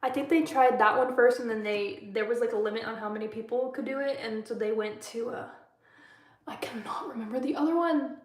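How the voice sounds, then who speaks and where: A young woman hosts a casual livestream from a room at home during her bedtime routine, chatting with viewers, answering their comments and laughing often. Her voice is a little high and a little fast. Picked up on a phone, the audio carries the echo of the room.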